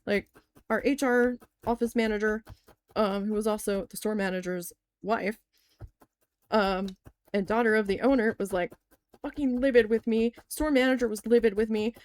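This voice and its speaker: A woman's voice: mid-range voice, steady tone, moderate pace, a little mellow. A young woman telling a story in a casual crafting vlog, candid and swearing freely, often saying "like".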